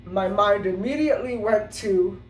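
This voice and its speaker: A woman's voice: mid-range voice, moderate pace, a little mellow, slight background noise. A middle-aged woman telling a personal story in a casual vlog, rambling with many fillers and restarts. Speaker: vlogger. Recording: roomy sound from a distance.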